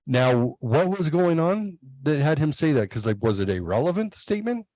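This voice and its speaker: A man's voice: a little high, normal speed, no echo. A man in his thirties telling family stories in a casual chat, acting out quoted lines with a raised voice. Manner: animated, acts out quotes in raised voice.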